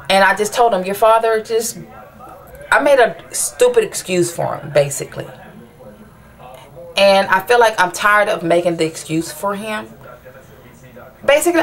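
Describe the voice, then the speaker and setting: Woman, mid-pitched, talking straight to camera as a frustrated mother, rambling with lots of restarts. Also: animated, normal speed, long pauses. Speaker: mother asking viewers for advice. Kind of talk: personal venting vlog.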